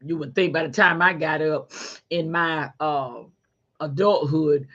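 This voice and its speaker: A middle-aged woman hosting a podcast, giving a faith-based motivational talk in a folksy, animated way and calling listeners honey. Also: sits low, unhurried, muffled recording. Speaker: podcast host.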